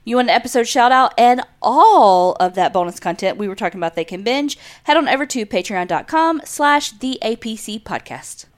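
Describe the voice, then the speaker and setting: A woman's voice: on the high side, animated, normal speed, hardly any pauses. A woman in her thirties co-hosting a podcast, chatting casually and telling a true-crime story, swearing freely. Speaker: podcast co-host.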